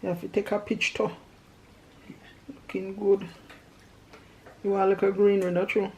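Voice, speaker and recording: A man, bantering loudly in a garden as co-host of a cooking vlog. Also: sits high, flat delivery, normal speed. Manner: loud bantering exclamations. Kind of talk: casual cooking chat. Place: outdoor garden. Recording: echoey, distant, faint noise.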